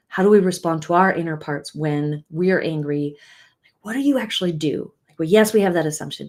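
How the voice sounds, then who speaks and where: With a voice on the low side, a middle-aged woman who coaches relationships gives an earnest, soft-spoken motivational talk. She moves from hushed whispers to emphatic outbursts.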